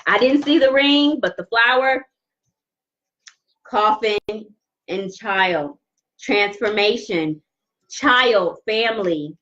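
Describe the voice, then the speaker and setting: A woman's voice: mid-range voice, fairly bright tone, dull audio, a little hiss or hum. A woman giving a live-streamed tarot reading, effusive and repeating phrases for emphasis. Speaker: tarot reader.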